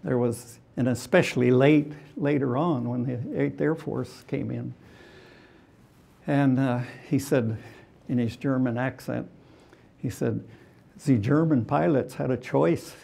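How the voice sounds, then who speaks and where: Gravelly older man telling stories. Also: medium pitch, fairly even intonation, warm tone. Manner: halting, many fillers, chuckles between anecdotes. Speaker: retired fighter pilot guest. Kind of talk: onstage interview storytelling.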